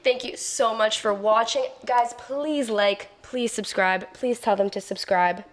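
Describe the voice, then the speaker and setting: High-voiced bubbly young woman. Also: a little slow. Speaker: podcast co-host. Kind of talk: casual chat.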